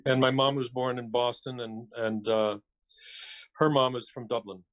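In a casual interview by cell phone, an older male actor reminisces about his career, easygoing and wry. His medium-pitched voice keeps a fairly even intonation at a moderate pace.

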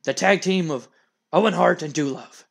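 Casting: a man doing a curt, bossy promoter, slightly lower than his usual voice. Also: normal speed, creaky. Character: bossy middle-aged male wrestling promoter.

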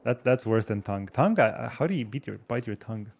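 A man chatting casually while gaming, excitable and teasing. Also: medium pitch, fast talker, creaky, breathy edge. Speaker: co-player.

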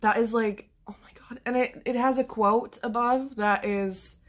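A young woman chatting casually in a book vlog, excitable and gushing, swearing often. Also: a little high, unhurried. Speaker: book vlogger.

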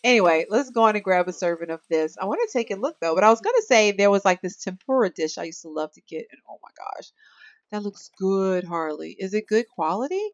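A lively woman chats her way through a video game, talking straight to her viewers. Her voice swings widely up and down as she comments on the play. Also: mid-range voice, brisk, no echo, muffled recording. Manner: chatty, animated, addresses viewers as y'all. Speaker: gaming video host. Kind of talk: casual let's-play commentary.

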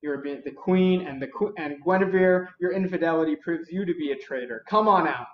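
A man voicing angry knights who accuse loudly through a door. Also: medium pitch, moderate pace, lightly acted. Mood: accusing. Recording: roomy, dull lo-fi recording.

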